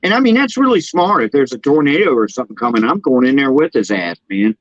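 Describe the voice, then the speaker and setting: A man's voice: medium pitch, lively intonation, fast talker, no room sound. Easygoing man, dry lo-fi sound. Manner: easygoing, reads out chat messages. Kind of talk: casual chat on a live stream.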